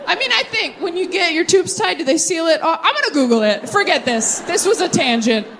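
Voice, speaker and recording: A young adult woman doing a stand-up set with crowd work, animated and self-deprecating, with quick asides. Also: extremely high pitch, background noise. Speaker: stand-up comedian. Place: theater stage with live audience.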